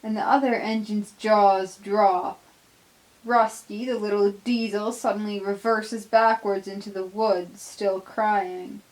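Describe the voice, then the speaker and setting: Brief: woman narrator, unhurried storybook reading, mid pitch. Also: fairly even intonation, rough recording. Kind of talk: fan fiction audio reading.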